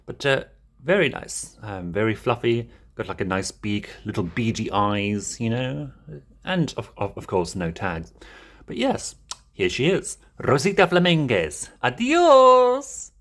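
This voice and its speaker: A man's voice: on the low side, expressive, a little slow. A man casually showing his plush toy collection in a rambling way, chuckling often. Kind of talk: casual show-and-tell.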